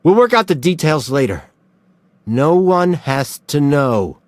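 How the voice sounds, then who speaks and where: A man voicing a hot-tempered young male detective who shouts in a high, strained voice. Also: very animated, measured pace, no room sound. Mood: furious.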